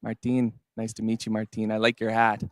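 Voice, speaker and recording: A man's voice: on the low side, monotone, fairly quick, dry recording, studio quality. A man hosting on a telethon floor, upbeat and casual while greeting guests.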